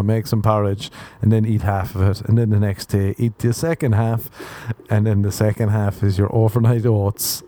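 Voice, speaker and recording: A man's voice: fairly low pitch, warm tone, slight background noise. A young man hosting a solo podcast, rambling crudely and mocking himself, often laughing at his own jokes. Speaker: podcast host. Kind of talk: solo comedic podcast rant.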